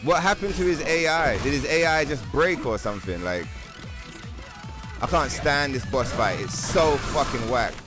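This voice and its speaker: Man, game streamer, casual commentary, swears a lot, mid pitch, faint music behind. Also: lively intonation, moderate pace. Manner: profane, swears constantly.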